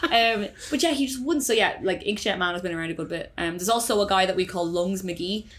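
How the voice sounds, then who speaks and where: An Irish woman chats casually as a guest on a podcast from her own small flat. She jokes freely, swears without a second thought and laughs easily. She keeps a relaxed, teasing manner. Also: medium pitch. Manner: joking, sweary and quick to laugh. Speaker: musician guest. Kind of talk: casual chat.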